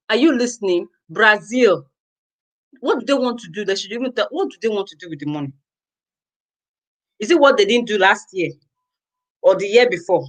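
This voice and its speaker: A Nigerian woman ranting straight to her viewers in a vlog, exasperated and exclamatory. Her voice sits at an ordinary middle pitch, and she keeps circling back to the same phrases with rising disbelief. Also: poor audio. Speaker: vlogger. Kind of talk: casual ranting commentary to viewers.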